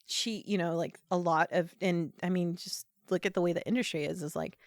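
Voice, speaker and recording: A woman's voice: fairly low pitch, a little fast, no echo, clean studio sound. A young woman chatting casually as a podcast guest, retelling scenes with lots of fillers and acted-out quotes. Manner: animated storyteller, acts out quotes in voices; many fillers like "like" and "you know". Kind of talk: casual chat.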